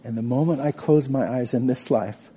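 A man preaching a sermon, earnest, often dropping to a soft murmur for emphasis. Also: medium pitch, normal speed, slight background noise. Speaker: pastor.

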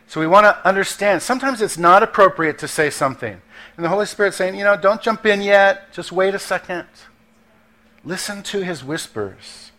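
A man delivers a sermon with an easy, conversational touch, dropping into quick acted asides. His voice sits a little higher than most men's. He slows right down to land his key points. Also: fairly bright tone. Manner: conversational preaching with acted asides and slowed emphasis. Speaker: pastor.

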